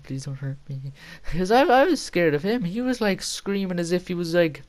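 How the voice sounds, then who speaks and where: A man's voice: high voice, expressive, moderate pace, clear, resonant tone. A young man telling a casual, rambling story with frequent laughter and casual swearing. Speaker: vlogger.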